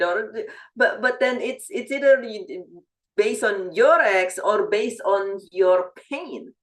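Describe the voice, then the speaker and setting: A woman talk-show guest giving relationship advice in a measured, thoughtful way, often repeating words as she thinks. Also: mid-range voice, expressive. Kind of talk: casual advice chat.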